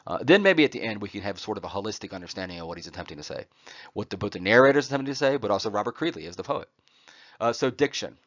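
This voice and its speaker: Lower-voiced man giving a lo-fi lecture. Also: lively intonation, rapid-fire, fairly bright tone, no echo. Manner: frequent "uh" fillers and tag "right?". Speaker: college lecturer. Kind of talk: recorded classroom lecture. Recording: dull, dry lo-fi recording.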